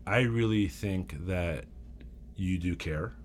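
A man, a real estate agent, telling animated work stories in casual chat and swearing freely. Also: deep voice, takes it slowly, slight background noise.

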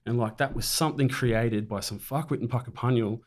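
A man's voice: medium pitch, a little fast. A man, a military veteran, bluntly recounting a combat ambush in conversation and swearing freely.

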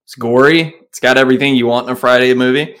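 A man's voice: medium pitch, fairly even intonation, quick pace, fairly bright tone. Laid-back Southern man chatting. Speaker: podcast co-host. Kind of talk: casual chat.

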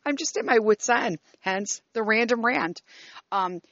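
A woman's voice: on the high side, measured pace, a bit bright, dry recording, dull audio. A woman in her fifties ranting casually to her viewers, exasperated and profane, rambling and restarting her sentences. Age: 50s. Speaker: vlogger. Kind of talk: casual rant to camera.

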